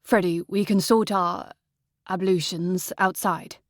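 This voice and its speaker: A woman reading an audiobook voices a tall, steady young man who speaks calmly and matter-of-factly. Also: fairly low pitch, takes it slowly, no echo, clean studio sound.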